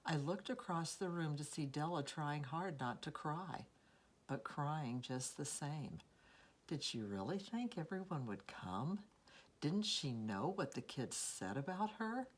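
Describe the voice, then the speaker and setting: A woman reading a children's story aloud in an expressive, unhurried storytelling manner. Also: deep voice. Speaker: storybook reader.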